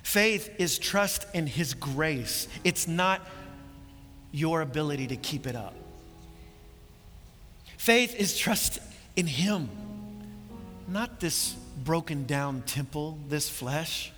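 A man preaches with an impassioned, bright, forceful voice that climbs to emphatic peaks and then falls quiet. His words ring out in a large hall with a long reverb, and faint music plays underneath. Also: fairly high pitch, animated, slow, pauses often. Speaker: pastor. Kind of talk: sermon.

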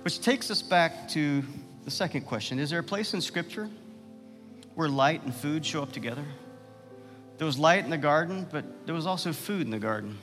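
A man's voice: expressive, moderate pace, fairly bright tone, soft background music. Passionate preacher man in a reverberant hall. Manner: passionate, rhetorical questions, swells in pitch and volume. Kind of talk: sermon. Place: church sanctuary.

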